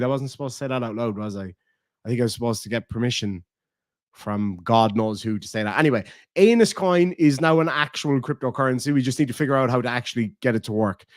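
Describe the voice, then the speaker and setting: A man's voice: medium pitch, no room sound, clean studio sound. A young Irish man hosting a casual livestream, swearing, joking and reading out chat messages. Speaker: livestream host.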